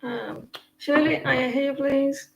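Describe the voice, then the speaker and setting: A woman chats through free card readings on a live stream, rambling from point to point and laughing easily. Her voice sits a little high, and the room around her rings with echo under a faint noise floor. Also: fairly even intonation, slow pace, gravelly, lo-fi sound. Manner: chatty, rambling, laughs often. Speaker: live stream tarot reader. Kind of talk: casual live stream chat.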